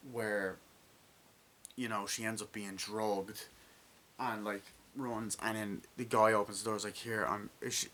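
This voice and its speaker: A man giving a casual, rambling movie review, full of excitement, swearing and fillers. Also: fairly low pitch, slight background noise. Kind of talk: casual spoken film review.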